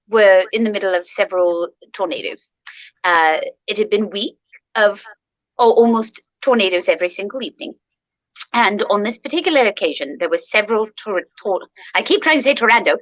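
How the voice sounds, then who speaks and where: A woman's voice: medium pitch, a bit bright, no echo, lo-fi sound. A woman in playful in-character chat, telling a story with many ums and gasps. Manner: chatty, frequent ums and gasps. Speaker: performer in costumed character.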